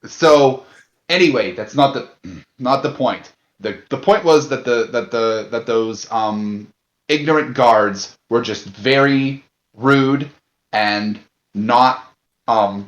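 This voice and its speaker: A man playing a tabletop role-playing game, speaking in character in a halting, indignant way with many fillers. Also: medium pitch, echoey room.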